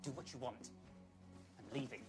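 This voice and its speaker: A man's voice: medium pitch, normal speed, music in the background, close to an everyday voice. An actor playing a desperate, furious young man who threatens a rival in a film scene. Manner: fierce, threatening. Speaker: film character.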